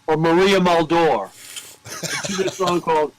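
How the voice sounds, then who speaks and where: Profane, animated record store guy. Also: fairly high pitch, normal speed, a little hiss or hum, rough recording. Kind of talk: casual chat, telling store anecdotes.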